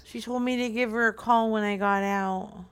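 A woman's voice: on the high side, fairly even intonation, normal speed, clean tone. A woman streamer chatting casually and playing it straight on a prank call. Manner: casual, laughing, plays it straight on calls. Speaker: streamer making prank calls.

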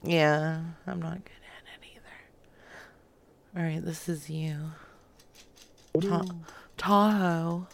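Woman host, unhurried and low, vocal fry, giggly casual chat with whispered asides. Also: steady tone, a little hiss or hum.

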